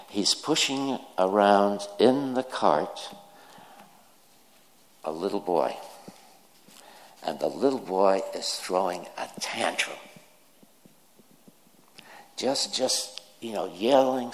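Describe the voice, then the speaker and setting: A man preaching a sermon, telling jokes and stories and acting out the quoted lines. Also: sits low. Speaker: pastor. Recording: reverberant hall.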